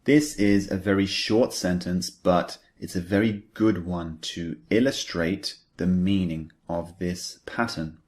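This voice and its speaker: An English teacher with a very deep, slightly mellow voice explains English phrases in a patient, unhurried lesson. He talks slowly and reads his example sentences aloud with added stress.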